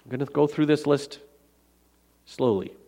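A pastor preaching a sermon in an earnest, emphatic manner, slowing down and repeating key phrases. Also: male voice, fairly high pitch, dark tone.

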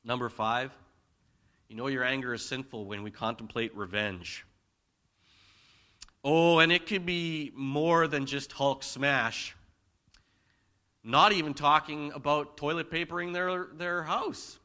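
A man preaching a conversational sermon in church, swinging between loud emphasis and quiet asides. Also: a little high, fairly even intonation, slow, pauses often. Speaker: pastor.

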